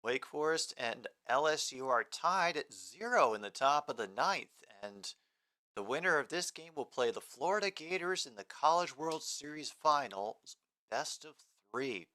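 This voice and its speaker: A man's voice: on the high side, animated, unhurried, sharp tone. A man hosting a casual live sports stream, rambling between game commentary and replies to chat comments.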